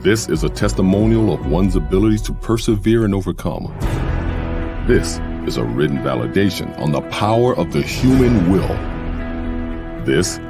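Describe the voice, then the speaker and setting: A man's voice: low voice, lively intonation, moderate pace. A man giving a solemn, scripted narration for a book trailer, with music behind him.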